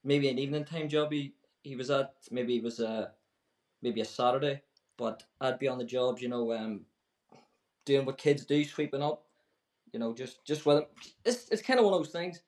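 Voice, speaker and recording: Northern Irish male guest, easygoing storyteller, mid pitch, recorded in an echoey room. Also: normal speed. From Northern Ireland. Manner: relaxed storytelling with fillers. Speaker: podcast guest, carpenter. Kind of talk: casual chat.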